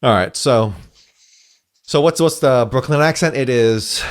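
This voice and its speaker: A man's voice: mid-range voice, lively intonation, moderate pace. A man co-hosting a casual podcast, reading a comic aloud and joking around in a laid-back way.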